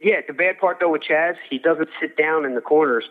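A man's voice: on the high side, a little fast. Older boxing cutman telling stories over a phone line. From Philadelphia. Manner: rambling, lots of restarts and fillers. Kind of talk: casual storytelling interview. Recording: phone-like audio with long reverb.

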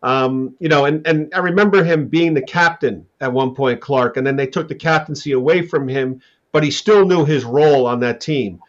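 A man's voice: medium pitch, normal speed, highs cut off. A man hosting a sports radio interview, asking long rambling questions full of restarts. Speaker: radio show host.

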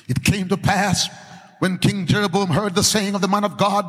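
A male preacher delivering a fervent sermon to a congregation, chanting and shouting at the peaks. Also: high-pitched, fairly even intonation, moderate pace. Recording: hall reverb.

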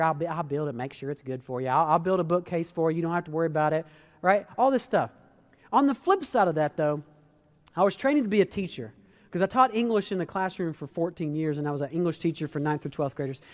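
Brief: a high-pitched man speaking to a crowd, earnest and chatty, often restarting his sentences. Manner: earnest, conversational, frequent restarts, addresses listeners as guys. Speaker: speaker giving a motivational talk. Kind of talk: earnest storytelling talk to an audience.

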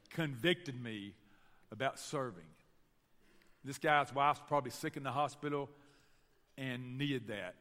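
A man with a Southern US accent from Tennessee, preaching a sermon and telling stories to his church in an animated way. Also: mid-range voice, long reverb tail. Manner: storytelling, animated, addresses the church directly. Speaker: pastor. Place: church sanctuary.

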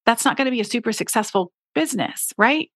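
Woman podcast host, forties, earnest coaching talk, higher voice, dry close sound. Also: lively intonation, fast, a bit bright, dry recording. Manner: earnest, coaching, acts out her own past complaints.

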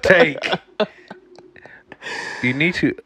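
A man's voice: a little high, very slow, vocal fry, bright, forceful tone, slightly rough, dry recording. A man co-hosting a podcast in laid-back casual chat, wrapping up with advice. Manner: laid-back, gives backchannel agreement. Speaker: podcast co-host.

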